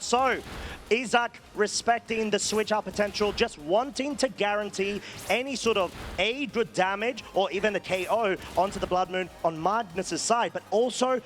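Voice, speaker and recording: A man giving live play-by-play commentary on a competitive video game match, getting excited at big plays. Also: high-pitched. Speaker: esports commentator.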